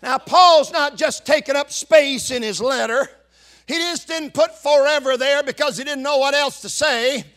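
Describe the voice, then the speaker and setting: A man preaching a sermon as pastor, telling stories and building to fervent, shouted preaching. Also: very high-pitched, normal speed.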